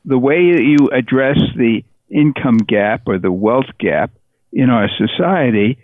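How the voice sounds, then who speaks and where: A man being interviewed about his book on a podcast, speaking thoughtfully with many pauses and restarts. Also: medium pitch, expressive, dry recording. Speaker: author, interview guest. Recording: dry tinny phone-like line.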